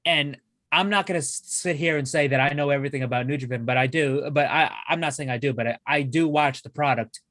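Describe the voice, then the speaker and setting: Excitable, swearing man, slightly high voice. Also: fast, no echo, clean studio sound. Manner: excitable, swears freely, frequent restarts. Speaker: wrestling podcast co-host. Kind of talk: casual chat.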